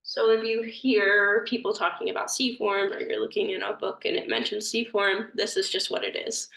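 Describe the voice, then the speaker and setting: A woman's voice: medium pitch, fairly even intonation, moderate pace, creaky, a bit bright, roomy sound, distant mic, rough recording. A woman teaching a grammar lesson, explaining step by step, thinking aloud and often hesitating. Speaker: language teacher.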